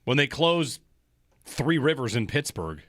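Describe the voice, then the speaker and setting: A man hosting sports talk radio in a jokey, animated way, talking into a studio microphone. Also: medium pitch, no echo. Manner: animated, jokey, quick to laugh.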